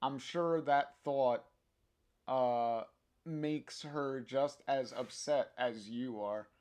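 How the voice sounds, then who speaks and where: A man's voice: mid-range voice, drawn-out words, darkish tone, clear, resonant tone. A man voicing a friendly young woman drummer, reading her lines plainly with fillers.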